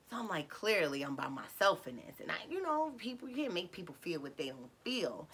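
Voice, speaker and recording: A woman telling a personal story to her viewers in a casual, animated way. She acts out what people said and talks to her audience directly. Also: on the low side, brisk, hardly any pauses, breathy edge.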